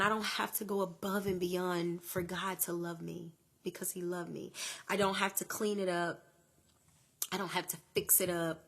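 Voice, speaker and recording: A woman's voice: on the low side, a bit bright. A woman hosting a faith-based podcast, talking earnestly and conversationally straight to her listeners in folksy phrasing. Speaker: podcast host.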